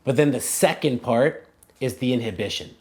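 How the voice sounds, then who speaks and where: A man's voice: mid-range voice, normal speed. A man being interviewed as a language coach, talking casually and thinking aloud, with many fillers and restarted phrases. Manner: casual, animated, many "like" and "you know" fillers. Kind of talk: conversational interview answers.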